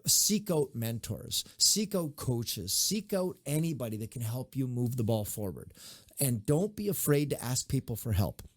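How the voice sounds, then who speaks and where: A man's voice: medium pitch, moderate pace, no echo, clean studio sound. A middle-aged man, a mayor, giving advice in a conversational interview, telling stories and acting out the people he quotes. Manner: animated storyteller, acts out quoted voices.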